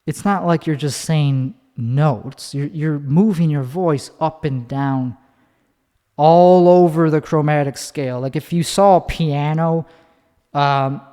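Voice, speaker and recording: A man with a slightly high voice rambles through a casual monologue, swearing freely and restarting his sentences. His words ring out with a long reverb, as if he were in a big hard room. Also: slow pace, dark tone. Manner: rambling, profane, restarts often, demonstrates pitch with his voice. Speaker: podcast host.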